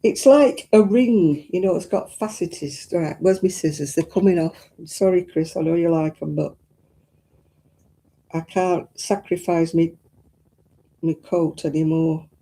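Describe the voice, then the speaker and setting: A woman chats casually through a crafting live stream, greeting viewers and fussing aloud as she works. Her voice is deeply mellow and warm, and her talk is homely and full of exclamations. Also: a little slow. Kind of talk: casual live-stream chat while crocheting.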